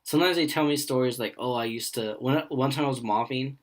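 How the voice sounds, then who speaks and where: A man's voice: medium pitch, fairly quick. A young man co-hosting a casual podcast, telling rambling work stories and acting out the people in them. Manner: rambling storyteller who acts out quoted voices. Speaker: podcast co-host.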